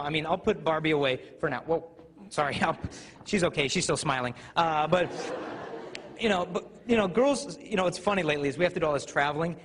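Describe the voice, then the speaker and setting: In a large, reverberant hall with faint background noise, a youth speaker whose voice is a little high and a bit bright tells students humorous stories live and acts out the voices.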